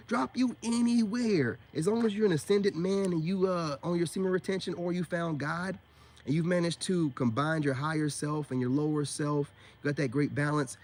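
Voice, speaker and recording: A man with a fairly high voice preaches straight to camera in a loose, emphatic monologue. He leans on street slang and keeps asking rhetorical questions. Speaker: self-styled spiritual coach.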